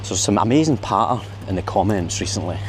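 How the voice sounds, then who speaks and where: Here a Glaswegian vlogger rambles along night-time city streets, chatting away and chuckling at his own jokes. The Scottish man's low-pitched voice is expressive and fairly quick, with a little hiss or hum on the recording.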